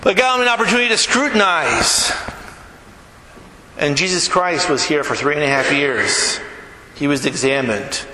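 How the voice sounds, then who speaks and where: A male pastor preaching in a church hall with a long, roomy reverb. His voice is bright and fairly high, and he mixes storytelling with casual asides to the congregation. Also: expressive, normal speed, pauses often. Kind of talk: sermon. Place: church sanctuary. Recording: echoey hall with long reverb, faint room noise.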